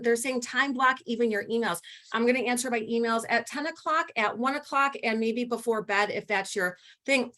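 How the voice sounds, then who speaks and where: A woman leading a team call with an energetic, rallying motivational talk, speaking to her listeners directly over a video call. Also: on the high side. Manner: energetic, rallying, addresses listeners as "you guys". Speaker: team leader.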